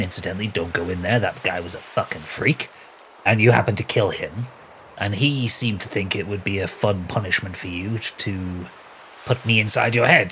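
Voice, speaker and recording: A man putting on a sardonic male spirit that lives in another man's head, weary and sweary, with a lowish voice. He sounds fed up with the whole situation. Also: sharp tone, a little hiss or hum, poor audio.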